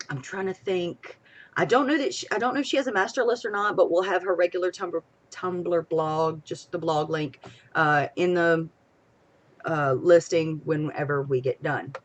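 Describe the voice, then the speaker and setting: A young woman, talking casually on a live stream. Her voice sits a little low, and she rambles excitably, jumping from loud bursts to soft asides. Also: slight background noise. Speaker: podcast co-host.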